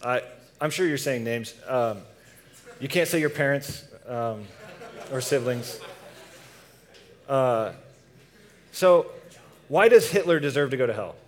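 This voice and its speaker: A man's voice: medium pitch, expressive, takes it slowly, pauses often. Man preaching casually to a youth group. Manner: casual, asks the audience questions.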